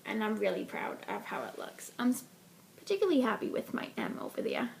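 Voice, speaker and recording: A woman's voice: medium pitch, huge pitch swings, fairly quick, gravelly, darkish tone, slight background noise. A woman hosting a knitting podcast, chatting casually about a project with lots of ums and restarts.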